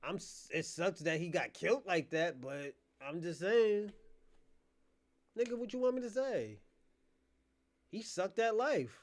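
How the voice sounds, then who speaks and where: On a livestream, a man with a high, animated voice rants at his chat in a profane, combative way, mocking viewers and laughing between jabs. He speaks unhurriedly and leaves long pauses.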